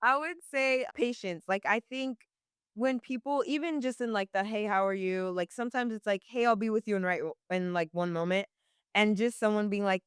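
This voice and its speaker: A woman's voice: mid-range voice, a little fast, clean tone, dry recording, clean studio sound. A young woman working as a barista, answering interview questions casually with many "like" fillers and frequent laughs.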